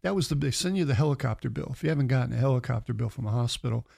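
A man's voice: mid-range voice, very fast, creaky. A middle-aged man telling a personal story in a casual interview, acting out the quoted dialogue as he goes. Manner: animated anecdotal storyteller, acts out quoted dialogue. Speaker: interview guest.

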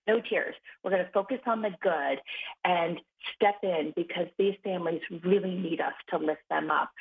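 A woman who founded a children's charity, a guest telling stories in an earnest, upbeat way. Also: medium pitch. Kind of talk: interview conversation. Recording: phone-line audio.

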